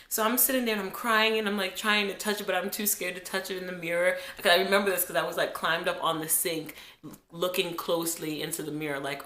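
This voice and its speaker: A woman in her twenties from New Jersey, telling a childhood story to her viewers in an animated, chatty way while getting over a cold. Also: fairly low pitch, brisk. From New Jersey, USA. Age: 20s. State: has a cold. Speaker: vlogger. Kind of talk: casual storytime vlog. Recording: echoey room.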